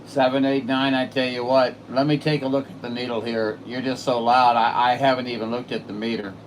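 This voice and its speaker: A man on his home radio setup, chatting excitedly on the air with a distant station. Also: medium pitch, brisk, a little hiss or hum. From Saint Louis, Missouri. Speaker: radio operator streaming live. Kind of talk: casual radio chat.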